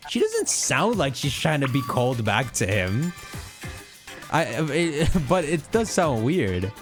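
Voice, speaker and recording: Brief: young male gaming YouTuber, loose and jokey, mid voice, clear game music under him. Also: mid-range voice, wildly swooping pitch, slow. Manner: loose, joking, swears mildly. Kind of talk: casual let's-play commentary.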